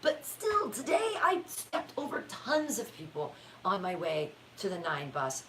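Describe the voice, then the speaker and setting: A woman hosting a casual talk show, ranting in an animated, sarcastic and profane way. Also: fairly low pitch, measured pace, slight background noise, low-quality recording. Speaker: podcast host. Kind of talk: casual conversational rant.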